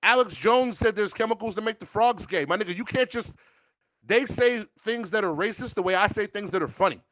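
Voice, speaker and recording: A man's voice: sits high, fairly quick, fairly bright tone, no room sound. A man hosting a show, talking in casual, profane, joking rants. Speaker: show host. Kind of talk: casual podcast banter.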